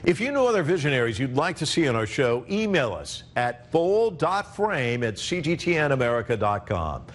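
A man reading a scripted closing announcement as a show host, in a smooth broadcast style. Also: mid-range voice, very animated, normal speed, hardly any pauses.

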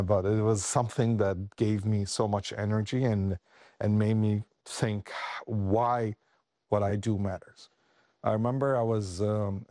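A man as an interview guest, telling a personal story earnestly, halting and restarting as he grows emotional. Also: on the low side, dark tone, no echo, clean studio sound. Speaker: interview guest, refugee aid worker.

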